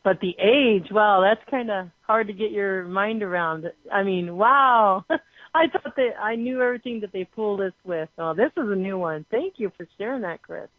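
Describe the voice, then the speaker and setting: A woman hosts a call-in chat over the phone, gasping into excited exclamations and rambling through her questions. The line is thin and tinny, with a dry, close sound and no room around her. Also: medium pitch, normal speed, no echo. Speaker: host of a call-in show.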